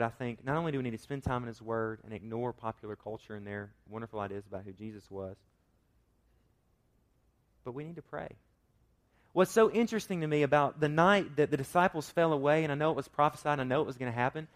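A man preaching a sermon, swinging from loud emphatic points to quiet asides and asking his listeners rhetorical questions. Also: mid-range voice, fast talker. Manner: acts out quoted voices with rhetorical questions. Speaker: pastor.

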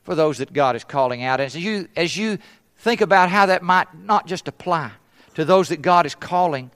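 A middle-aged man preaches with a slightly high voice. He tells a humorous story from the pulpit and switches voices for the people he quotes. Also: normal speed, fairly bright tone. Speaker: pastor, former missionary. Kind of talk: sermon with storytelling.

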